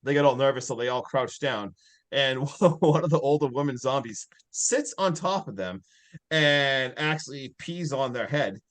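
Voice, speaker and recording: A man's voice: mid-range voice, lively intonation, moderate pace. A man casually recapping a film as a podcast co-host, rambling with fillers and frequent laughs.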